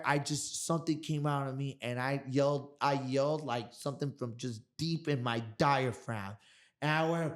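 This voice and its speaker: Animated, foul-mouthed man with a smooth voice. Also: medium pitch, moderate pace. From Miami, Florida. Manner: animated, profane storyteller. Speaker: guest kickboxer. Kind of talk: casual storytelling interview.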